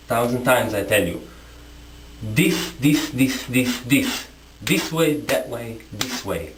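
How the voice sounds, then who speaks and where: Male vlogger, combative rant to camera, lively swinging pitch, echoey room. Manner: confrontational, repetitive, rhetorical questions. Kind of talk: impassioned monologue to camera.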